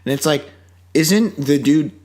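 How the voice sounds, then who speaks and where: A man's voice: on the high side, unhurried, a little mellow. A man co-hosting a casual movie review podcast, sarcastic and swearing freely, acting out characters in quoted voices. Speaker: podcast co-host.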